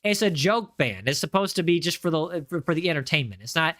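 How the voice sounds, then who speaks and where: Bright, high-voiced playful male streamer. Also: expressive, a little fast, dry recording, studio quality. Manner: playful, jokey, chatting with viewers. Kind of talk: live gameplay commentary.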